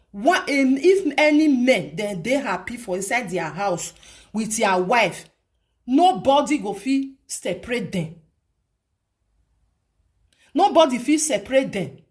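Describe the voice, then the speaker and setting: Woman, Nigerian accent, vlogger, casual commentary, fairly high voice, emphatic, repetitive rhetorical questions. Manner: emphatic, repeats points and asks rhetorical questions.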